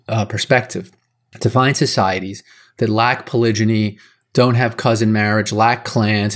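A man being interviewed as a guest author, explaining his ideas in long, list-like answers. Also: medium pitch. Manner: explanatory, lecture-like listing. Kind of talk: casual interview talk.

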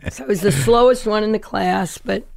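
A woman guest in a casual interview, telling her life story in an animated way and acting out other people's voices. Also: medium pitch, brisk, creaky, no echo, clean studio sound. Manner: animated, acts out quoted voices.

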